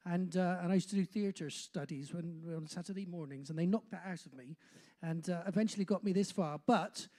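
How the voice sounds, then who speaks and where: The host of a live music night, an older compere from Bristol of roughly sixty, speaks from a pub function room stage with a slight local accent. The voice is medium in pitch and somewhat dark, moving a little fast, and the talk drifts along with self-deprecating jokes and plenty of "uh"s.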